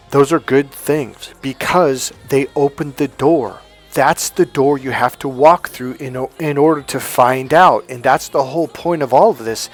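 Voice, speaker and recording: A man giving a casual spiritual monologue as a coach, animated and self-assured, often laughing at his own points. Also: mid-range voice.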